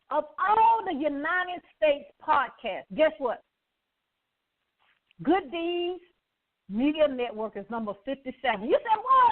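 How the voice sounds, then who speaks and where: A woman with a Southern US accent hosting an inspirational radio show, exuberant and preacherly, tossing call-and-response questions to her listeners. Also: sits high. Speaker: radio host. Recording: tinny phone-like line.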